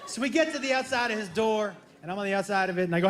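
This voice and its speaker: A man doing stand-up storytelling on a club stage, animated and talking straight to the audience. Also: sits high, racing, hardly any pauses. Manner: animated, addresses audience as guys. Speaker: stand-up comedian. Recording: echoey club with audience laughter.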